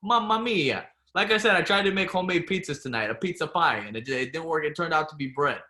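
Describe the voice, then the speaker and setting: A man co-hosting a casual live-stream chat show, jokey and quick with banter. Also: on the high side, animated, pushed and bright. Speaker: co-host.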